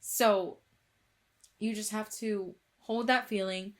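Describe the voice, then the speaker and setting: A woman's voice: medium pitch, steady tone, slow pace. A young woman co-hosting a podcast in casual chat, emphatic and repeating words as she talks. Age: young adult. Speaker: podcast co-host.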